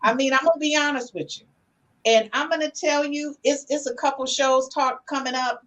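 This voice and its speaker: High-voiced chatty woman podcast host. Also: steady tone, moderate pace, low-quality recording. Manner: warm, chatty, calls listeners "honey". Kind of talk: casual podcast talk, reading viewer comments.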